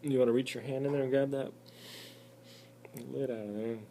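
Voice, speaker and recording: A man giving casual, excitable commentary over insect footage, muttering to himself between remarks. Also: mid-range voice, normal speed, slight background noise. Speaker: channel host.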